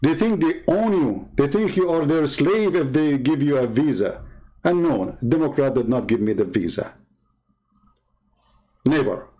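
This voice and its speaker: Combative Arabic-accented man, higher voice. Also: lively intonation, measured pace, mellow, poor audio. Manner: combative, mocking, name-calling. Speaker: online commentator. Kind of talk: heated political monologue.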